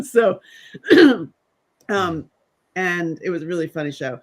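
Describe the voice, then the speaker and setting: Animated Southern man telling stories. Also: high voice, takes it slowly, long pauses. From American South. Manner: animated storyteller, acts out quotes. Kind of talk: casual chat.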